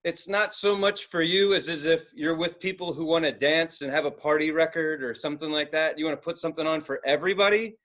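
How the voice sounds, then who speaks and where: A man's voice: a little high, a little fast, hardly any pauses, a bit bright. Laid-back joking man co-hosting a podcast. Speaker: podcast co-host. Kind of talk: casual chat.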